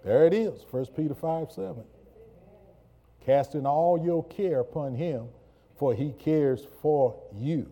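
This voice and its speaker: Male pastor, sermon, slow and mellow, bursts into shouting. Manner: preaching, swings from low and slow to loud shouted bursts; repeats words and stammers when excited. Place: church.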